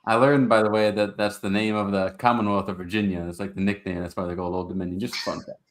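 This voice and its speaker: A man co-hosting a sports podcast, arguing in a relaxed, teasing way and laughing often. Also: fairly low pitch, fast talker. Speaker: podcast co-host. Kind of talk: casual sports debate.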